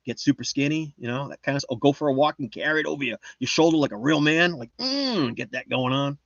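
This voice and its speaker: A man's voice: mid-range voice, quick pace, creaky, fairly bright tone, no room sound, dull audio. A man chatting casually on a livestream, reading the chat and rambling in a boastful, joking way. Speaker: livestream host.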